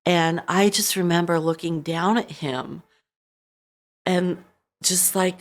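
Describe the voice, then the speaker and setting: Middle-aged woman w a low voice, podcast guest, halting storytelling, lots of you-knows. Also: steady tone. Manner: halting, full of you-knows, re-enacting her own words. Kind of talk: emotional personal storytelling.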